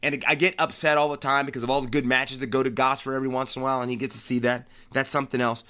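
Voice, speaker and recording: A man's voice: medium pitch, rapid-fire, clean tone. Brash American man hosting a podcast. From United States. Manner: animated, rambling, with restarts and brash flair. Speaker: podcast host. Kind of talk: casual solo sports podcast.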